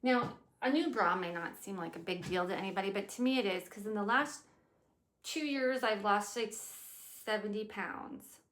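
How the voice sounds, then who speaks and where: A woman in her fifties chatting casually as she plans her day out loud, rambling and swearing now and then. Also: mid-range voice, moderate pace, roomy sound. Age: 50s. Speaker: vlogger. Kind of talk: casual day-planning chat.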